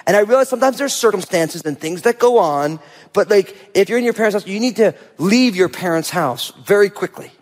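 A middle-aged man preaching a sermon in a conversational way, often tossing in a quick "right?". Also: sits high, lively intonation, in a large hall. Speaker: pastor.

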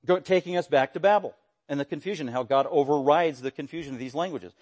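A male pastor preaches with animated emphasis, his voice pitched a touch above the usual for a man. He swings between quiet explanation and sudden raised bursts, sometimes mimicking the voices he quotes. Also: fast. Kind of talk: expository sermon.

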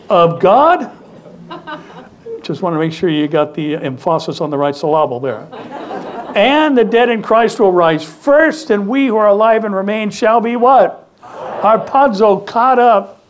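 A man with a high voice preaches a sermon in a church. He speaks with strong emphasis and prompts the congregation to call out responses. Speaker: pastor. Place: church sanctuary.

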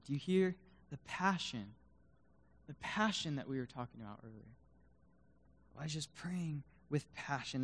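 A man preaching a sermon to students in a room, swinging between loud emphatic bursts and hushed low tones and reading scripture aloud with dramatic emphasis. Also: unhurried, pauses often. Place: room with a live audience.

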